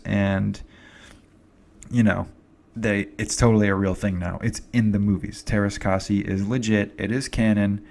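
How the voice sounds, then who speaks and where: A man talks through a film review in a loose, rambling way, stopping for fillers and side notes. His voice sits low with a gravelly fry. It sounds like a casual recording made at home. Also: darkish tone. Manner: rambling, chatty, filler-heavy. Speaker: movie reviewer.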